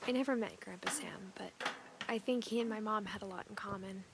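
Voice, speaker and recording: A woman voicing a soft-spoken, pregnant young woman who narrates a video game in a hushed, breathy whisper, as a whispered role-play. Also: mid-range voice, fairly quick, lightly acted. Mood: wistful. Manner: reflective, quiet storytelling. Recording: recording with clear background noise.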